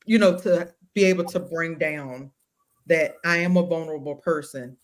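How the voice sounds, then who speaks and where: Reflective woman with halting speech. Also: low voice. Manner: reflective, halting, restarts often. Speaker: podcast co-host. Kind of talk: casual chat.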